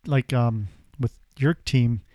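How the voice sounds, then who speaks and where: A man co-hosting a casual podcast, explaining his thoughts in a relaxed way. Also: mid-range voice, slow, dry recording, studio quality. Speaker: podcast co-host.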